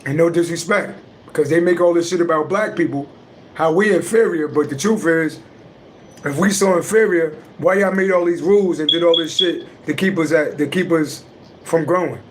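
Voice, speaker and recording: A man hosts a livestream as an astrology reader, talking bluntly and emphatically with heavy profanity in casual livestream talk. His voice is a little high and moves at a moderate pace, and there's a little hiss or hum.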